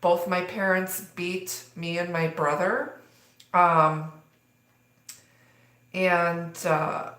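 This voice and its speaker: A woman with a slightly low voice gives a live tarot reading. She rambles, leaning on fillers, and her voice rings in an echoey room. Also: a bit bright. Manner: rambling, filler-heavy delivery. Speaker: tarot reader.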